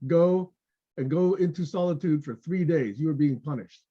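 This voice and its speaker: A man's voice: fairly high pitch, moderate pace, breathy edge, voice pushed up. A man voicing a male lion who rules as a stern judge, in a spoken fable on a muffled online call.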